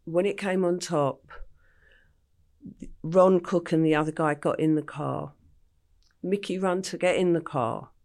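A woman's voice: on the low side, unhurried, long pauses, darkish tone. Older English woman telling a vivid story. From England. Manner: vivid storyteller, acts out quotes. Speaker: guest. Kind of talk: storytelling interview.

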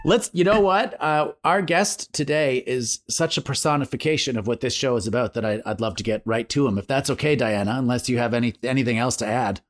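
A man's voice: mid-range voice, a little fast, few pauses. A man hosting a podcast, joking and laughing often as he introduces and interviews a guest. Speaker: podcast host. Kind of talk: casual interview chat.

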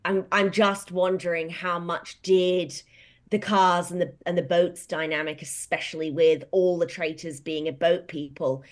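A woman's voice: lowish voice, fairly even intonation, unhurried. A woman co-hosting a podcast, asking curious, probing follow-up questions in casual chat. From Australia. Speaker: podcast co-host.

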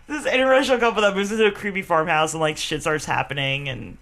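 A woman's voice: on the low side, fairly even intonation, fast, few pauses, heavy background noise. A woman co-hosting a podcast, chatting crudely and animatedly and laughing often. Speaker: podcast co-host. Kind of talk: casual chat.

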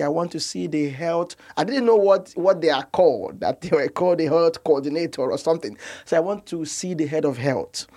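A man's voice: sits high, creaky, darkish tone. A young man from Nigeria, a doctor, telling his story earnestly and with emotion in an interview, often repeating words as he searches for them. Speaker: guest doctor.

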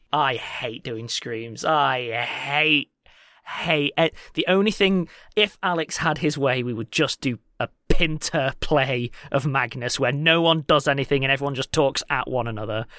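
A man co-hosting a casual podcast Q&A, animated and teasing, quick to laugh. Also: mid-range voice, no room sound, studio quality. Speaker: podcast co-host.

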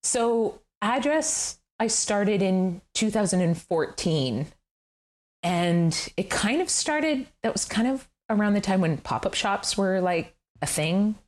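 A middle-aged woman, a guest telling her story in an interview, candid and animated, laughing often and swearing casually. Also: medium pitch, slow. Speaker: guest, furniture designer. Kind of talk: conversational interview.

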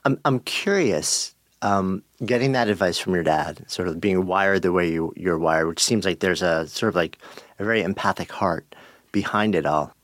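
A man's voice: deep voice, moderate pace, fairly bright tone, dry recording, studio quality. A man hosting an interview, asking curious, searching questions with hedging fillers. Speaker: interview host. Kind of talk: podcast interview.

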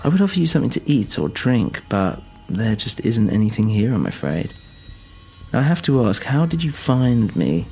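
A man doing a croaky old scientist's voice from a speaker. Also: medium pitch, big pitch swings, warm tone, exaggerated voice. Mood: proud. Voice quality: croaky, slow.

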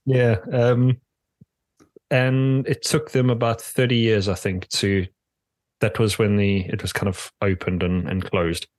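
A man's voice: lowish voice, little pitch movement, unhurried, no echo. A man co-hosting a podcast in casual chat, talking hesitantly with many ums and restarts. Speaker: podcast co-host.

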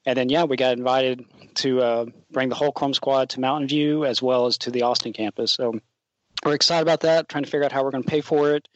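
A man, a teacher advisor guesting on a podcast, telling a story in a relaxed way with many fillers. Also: medium pitch, fast, no room sound, dull audio. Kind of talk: storytelling in an interview.

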